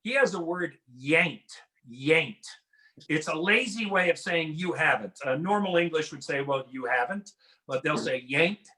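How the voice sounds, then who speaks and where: A middle-aged man from Washington State doing a stand-up routine, animated and slipping into drawls and mimicked voices. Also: fairly high pitch, normal speed, rough recording. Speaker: stand-up comedian.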